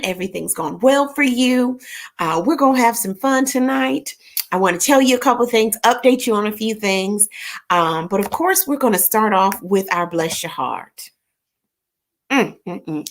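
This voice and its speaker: A woman hosting a casual live chat, telling stories animatedly and greeting viewers by name. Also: mid-range voice. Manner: animated storytelling with laughs and rising exclamations. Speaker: host of a live show reading viewer comments.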